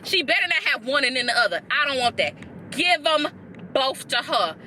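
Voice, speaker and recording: A young woman talks through a reaction vlog from inside a car, rambling from point to point. Her voice sits high and swings widely in pitch. Her tone is bright and piercing, with faint noise behind her. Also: normal speed. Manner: animated, rambling, easily sidetracked. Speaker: vlogger reacting to a TV episode. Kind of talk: casual reaction chat.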